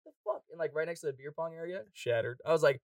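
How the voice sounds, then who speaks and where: Fast-talking young man, laughing storyteller. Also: on the high side, no echo, recorded from a distance. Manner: fast, profane storytelling with frequent laughter and voiced quotes. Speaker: party host telling a story. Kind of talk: casual chat.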